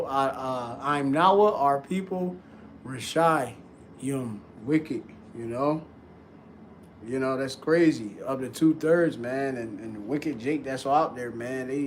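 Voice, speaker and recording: A man's voice: a little high, slight background noise. A man hosting a live stream, giving loose, slangy, rambling commentary. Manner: loose slangy talk, laughs often.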